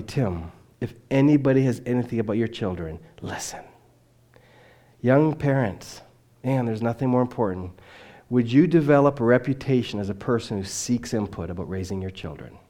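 An earnest male missionary preacher delivering a sermon at a mid-range pitch. He tells personal stories with conviction, pushing some lines out loudly and letting others fall almost to a murmur. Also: normal speed. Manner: swings between loud emphatic lines and quiet dropped endings. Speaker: missionary speaker.

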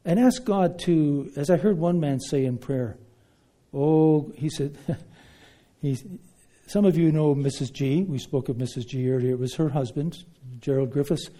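This preacher's voice is a little high and his pace measured. His sermon is emphatic, moving from loud declarations to hushed asides.

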